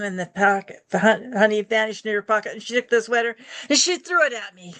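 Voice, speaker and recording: A woman tells a fairy-tale-like story with animated delivery. Her voice sits a little high and jumps even higher when she voices characters. The sound is dry and close. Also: brisk, few pauses, dry recording. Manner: lively, shifts pitch for characters' lines. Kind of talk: oral storytelling performance.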